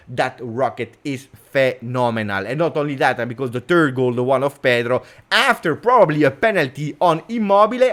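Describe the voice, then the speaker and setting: On his football channel, a mid-range-voiced man with an Italian accent recaps matches in vlog form, animated and emphatic, lurching between quiet and loud and dropping Italian exclamations into his English.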